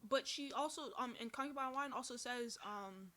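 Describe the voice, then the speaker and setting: A woman's voice: on the high side, moderate pace, hardly any pauses, fairly bright tone, faint music behind. A woman hosting a casual commentary show, talking in a chatty, rambling way with many fillers and self-corrections. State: burping from heartburn. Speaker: podcast host reviewing a TV drama.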